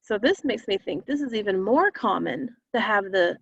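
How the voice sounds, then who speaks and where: A woman teacher leading a phonics lesson for young children, modeling words slowly and deliberately. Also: mid-range voice, lively intonation, gravelly, breathy edge, no echo, highs cut off. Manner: slow, deliberate word-by-word modeling.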